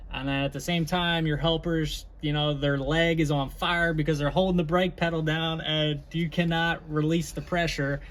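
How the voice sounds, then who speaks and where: A man's voice: on the high side, a little hiss or hum. A man casually chatting through a car job in his home garage, rambling and explaining as he works. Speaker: car hobby vlogger. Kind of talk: casual garage how-to chat.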